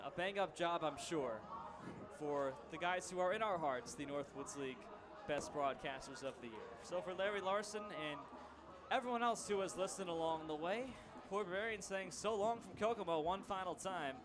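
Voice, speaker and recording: A man's voice: sits high, normal speed. A young man doing play-by-play on a baseball radio broadcast, reading final stats and signing off with dry sarcastic humor from a ballpark booth. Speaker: play-by-play announcer. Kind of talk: sports radio sign-off.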